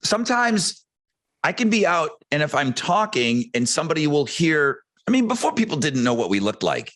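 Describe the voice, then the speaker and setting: A man's voice: very animated, moderate pace, fairly bright tone. A man who hosts radio, chatting casually on a podcast and acting out quotes in his stories. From United States. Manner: storytelling, acts out quotes with big pitch swings.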